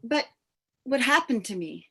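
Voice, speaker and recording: A woman playing a naive, polite amnesiac who speaks in a bright, wondering way, in a live play reading over a video call. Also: a little high, animated, a little slow, slightly rough, heavily acted.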